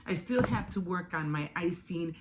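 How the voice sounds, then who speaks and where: A woman's voice: on the low side, animated, normal speed, slight background noise. An older woman chatting casually in a vlog, telling stories with frequent laughs and restarts. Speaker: vlogger. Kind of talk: casual chat.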